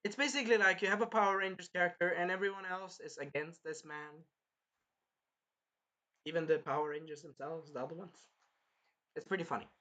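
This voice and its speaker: A man reviewing an anime episode in casual chat, animated and swearing, acting out lines from the show as he goes. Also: high-pitched, brisk, long pauses. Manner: animated, swearing, retells scenes in put-on voices.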